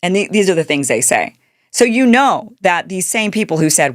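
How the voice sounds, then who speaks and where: A woman's voice: lowish voice, animated, brisk, dry recording, studio quality. A middle-aged woman hosting a political commentary show, talking in a sarcastic monologue and mocking the people she quotes. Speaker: show host.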